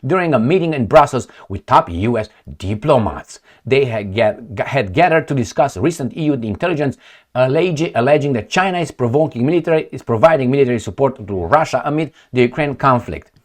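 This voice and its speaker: Brief: male commentary host, sarcastic and crude, pitch swings all over. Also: lively intonation, brisk. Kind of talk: casual political commentary.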